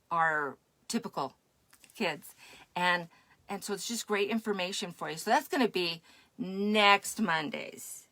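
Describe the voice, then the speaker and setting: A woman's voice: fairly low pitch, a bit bright, dry recording. A woman podcast host talking casually and encouragingly to her live-stream audience. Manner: chatty, encouraging.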